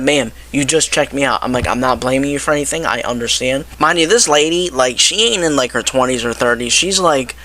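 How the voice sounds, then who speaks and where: A young man telling a story in a casual rant and getting exasperated, acting out both sides of a phone call. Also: medium pitch. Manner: animated, exasperated, quotes people in his telling. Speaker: vlogger. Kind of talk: casual ranting story to camera.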